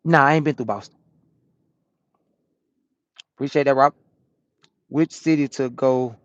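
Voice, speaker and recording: A man from Atlanta, a truck driver chatting casually on a live stream and answering viewers' comments in a relaxed, repetitive way. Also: mid-range voice, unhurried, dry recording, muffled recording. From Atlanta, USA.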